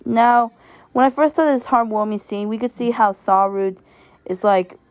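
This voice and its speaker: A woman with a slightly high voice gives a casual, rambling video review at normal speed, with no echo. She's sentimental, stumbling and restarting often while laughing as she talks.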